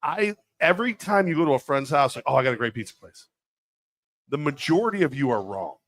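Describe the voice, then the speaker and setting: A man hosting a casual live chat as team president, joking and animated. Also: a little high, brisk, no echo. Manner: joking, animated, acts out quoted people.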